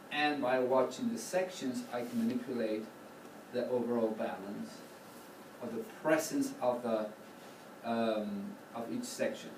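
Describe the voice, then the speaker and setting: A man coaching young conductors in a rehearsal room, asking the group question after question. He sounds far from the mic, and the recording carries a roomy echo and plenty of background noise. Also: medium pitch. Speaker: choral conducting teacher. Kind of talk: classroom teaching. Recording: roomy, distant, noisy classroom recording.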